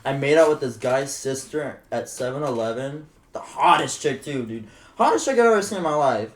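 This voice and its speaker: A man's voice: mid-range voice, fairly quick, roomy sound. A man telling a wild story on a casual podcast, swearing often and acting out the quotes. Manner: animated, swearing, acts out quotes. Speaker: podcast guest.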